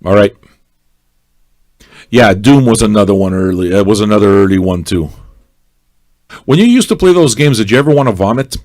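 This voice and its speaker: A man's voice: fairly low pitch, lively intonation, moderate pace, long pauses, a little mellow. A man hosting an independent radio show as DJ, chatting casually between records in a loose, profane, rambling way. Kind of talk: casual on-air chat.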